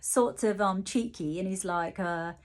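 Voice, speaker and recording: Woman psychic medium, channelled reading; halting first-person relaying, lots of restarts, light playful asides, mid-pitched voice.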